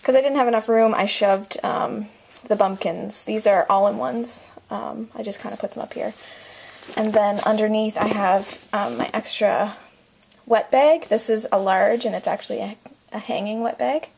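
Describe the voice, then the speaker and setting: A young woman vlogs a relaxed walk-through of a home nursery at normal speed, her medium-pitched voice creaky, a little mellow, and fairly even in intonation. She sounds winded and talkative, full of ums and likes, trailing off as she moves, with slight background noise.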